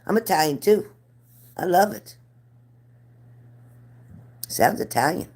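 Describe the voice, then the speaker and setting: A woman's voice: deep voice, moderate pace, long pauses, dark tone, a little hiss or hum. A middle-aged woman reading spirit cards live for viewers, chatty and earnest, repeating their names. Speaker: card reader.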